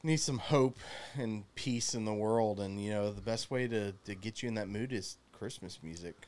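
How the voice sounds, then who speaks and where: A man's voice: fairly low pitch, normal speed, darkish tone. A man on a studio podcast as a guest, talking in a laid-back, easygoing way. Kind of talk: casual studio chat.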